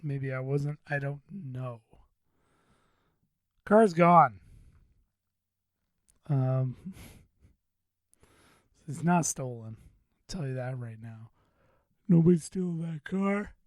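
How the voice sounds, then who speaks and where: A man's voice: on the high side, expressive, drawn-out words, long pauses, dry recording. A man hosting a podcast, telling a story in a rambling, profane, self-deprecating way. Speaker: podcast host. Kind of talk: casual venting monologue.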